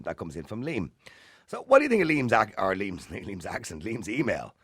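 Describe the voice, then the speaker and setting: Dublin fella hosting a late night radio show, lowish voice, bouncy delivery, dry studio mic. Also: male voice, huge pitch swings, moderate pace, husky, no room sound. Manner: chatty, opinionated, rhetorical questions. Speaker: radio talk show host. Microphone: studio microphone.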